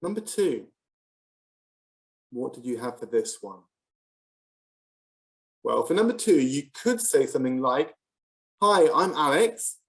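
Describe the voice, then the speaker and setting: A teacher presenting a scripted English lesson, speaking slowly and clearly and modelling example phrases for learners. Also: mid-range voice, sing-song, darkish tone.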